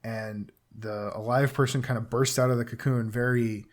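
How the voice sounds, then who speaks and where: A man co-hosting a podcast, casually recapping a TV episode and acting out the characters' lines in quick impressions. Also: medium pitch, steady tone. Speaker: podcast co-host.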